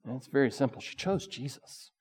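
A man's voice: mid-range voice, lively intonation, brisk, husky, long reverb tail. A male pastor giving a casual, conversational sermon with bursts of emphasis.

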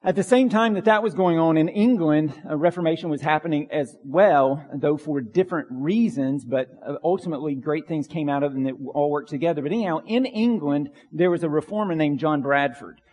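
A man's voice: fairly high pitch, brisk, hardly any pauses, a little mellow, big-room sound. A man preaching a sermon as pastor, earnest, repeating phrases for emphasis.

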